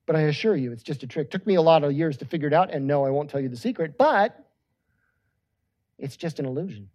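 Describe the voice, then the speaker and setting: Brief: preacher playing a stage magician who calmly admits it is a trick, low and quiet. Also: fast talker, lo-fi sound, natural voice. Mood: confiding. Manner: quiet, confiding, matter-of-fact.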